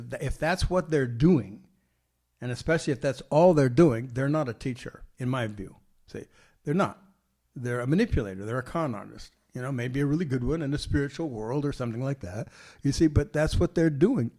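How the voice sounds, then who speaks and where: An older man explains ideas to his listeners in loose, informal talk. He is blunt and plain-spoken, and he keeps asking whether you follow him. His voice sits at an ordinary pitch for a man. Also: warm tone. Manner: conversational, tags points with "see?" and "you know"; casual and blunt, laughs easily. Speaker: teacher hosting his podcast.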